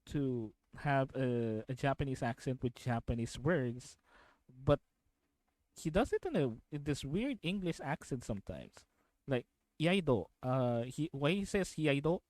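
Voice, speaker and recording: A man's voice: a little high, darkish tone, no echo, low-quality recording. A young man from the Philippines streaming from home, chatting casually and rambling as he reacts to videos, repeating himself and laughing often.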